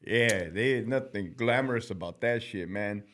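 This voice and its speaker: A man's voice: fairly low pitch, normal speed, fairly bright tone. A man hosting a casual podcast conversation, a former prison officer who talks bluntly and swears constantly. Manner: blunt and heavily profane.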